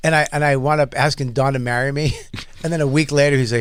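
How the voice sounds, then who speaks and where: Guy on a comedy podcast, kinda high voice, swears a lot telling stories, laughs a bunch. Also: rapid-fire, slight background noise. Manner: storytelling with profanity and laughter. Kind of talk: casual chat.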